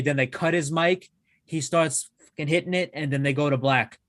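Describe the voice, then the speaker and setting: A man co-hosting a wrestling show in casual chat, excitable and swearing freely, often restarting his sentences. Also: a little high, normal speed, no echo, clean studio sound. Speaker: wrestling podcast co-host.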